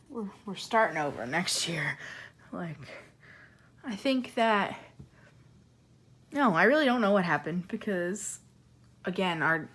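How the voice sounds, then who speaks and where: A woman's voice: on the low side, fairly bright tone, breathy edge. Chatty young woman, losing her voice. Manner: rambling, chatty, easily sidetracked. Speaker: coloring channel host. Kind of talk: casual chat while coloring. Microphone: camera on a monopod.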